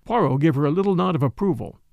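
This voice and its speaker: A man reading a mystery novel aloud as an audiobook narrator in a measured, expressive way. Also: a little high, gravelly, dry recording, studio quality. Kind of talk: scripted narration.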